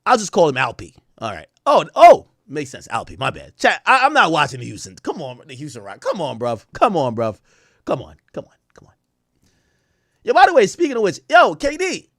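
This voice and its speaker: A young man streaming live, trash-talking basketball players in a loud, profane, excitable way, his voice jumping up and down. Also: a little fast, dry recording, studio quality. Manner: loud, profane trash talk with sudden jumps in pitch and volume. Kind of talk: casual live-stream commentary reacting to chat and posts.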